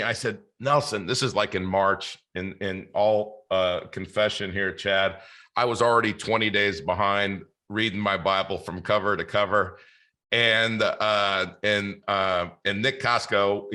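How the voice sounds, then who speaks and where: A man's voice: on the low side, pushed and bright. A man hosting a podcast in casual interview chat, earnest and faith-filled, often restarting his sentences. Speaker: podcast host.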